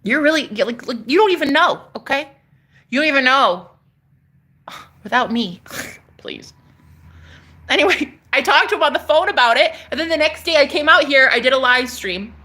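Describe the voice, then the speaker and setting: A woman telling a story casually on a vlog, excitable and profane, talking outdoors on a porch. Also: sits high, normal speed, long pauses. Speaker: spiritual vlogger.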